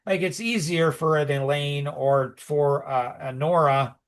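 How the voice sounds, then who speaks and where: A middle-aged man with a slightly high voice, chatting loosely on a podcast. He rambles, circles back on himself and fills his talk with "like" and "you know," breaking into lively asides. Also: unhurried. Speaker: podcast co-host. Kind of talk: casual conversational podcast talk.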